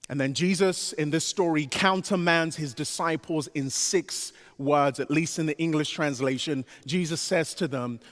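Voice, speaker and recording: A man preaching a sermon as pastor, animated, with his voice rising to a pleading pitch as he voices the disciples. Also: normal speed, hardly any pauses. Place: church sanctuary. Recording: long reverb of a large church sanctuary.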